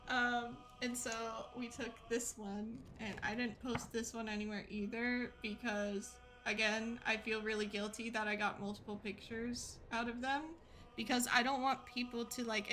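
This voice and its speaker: A woman's voice: on the high side, fairly even intonation, moderate pace, pushed and bright. A woman streamer telling a rambling, chatty story with lots of fillers and giggles. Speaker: gaming streamer. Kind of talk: casual storytelling chat.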